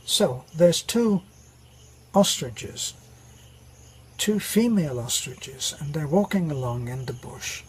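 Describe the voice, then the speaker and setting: A man hosting his channel, telling jokes in a rambling way with many pauses and restarts. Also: a little high, a little hiss or hum, low-quality recording. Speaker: channel host. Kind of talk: casual joke telling.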